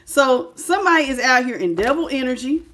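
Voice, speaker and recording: Higher-voiced woman doing a live tarot reading, chatty, laughs a lot, greets viewers, repeats her points. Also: lively intonation, a little fast, a bit bright, slight background noise. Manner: emphatic, repeats key phrases. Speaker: tarot reader.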